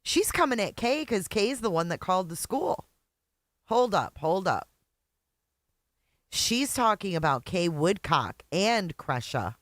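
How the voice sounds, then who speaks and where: A streamer reacts live to a clip with sarcastic, disbelieving asides and breaks off to greet chat by name. The voice sits at a middle pitch and sounds dry and close to the mic. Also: big pitch swings, slow pace, pauses often, fairly bright tone, no echo.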